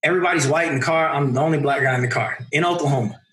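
A man in his thirties, a podcast guest, telling a personal story in a casual, animated way and acting out the people in it. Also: fairly high pitch, rapid-fire. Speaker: podcast guest, mountain runner.

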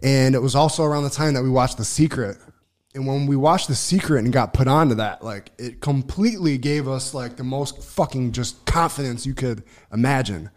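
A man telling a long personal story on a casual podcast, swearing freely, restarting sentences and getting loud when excited. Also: medium pitch, normal speed. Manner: profane, rambling, lots of restarts and fillers; gets loud and excited when reliving events. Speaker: podcast co-host.

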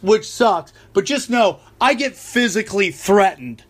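A man who does stand-up tells a story about his gig in a loose, profane podcast rant. His voice sits high for a man, and he keeps it animated and swearing, full of "like" and restarts. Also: a little slow. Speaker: stand-up comedian and podcast host. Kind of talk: ranting podcast monologue.

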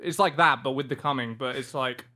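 A man co-hosting a comedy podcast, talking crudely in casual banter, laughing often and jumping into high squeals. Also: fairly quick, pushed and bright. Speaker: podcast co-host.

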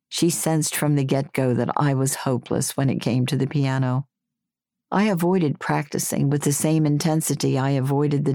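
A woman reading her personal memoir aloud in a wry, gently humorous way. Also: extremely low pitch, no echo, clean studio sound. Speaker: memoir narrator.

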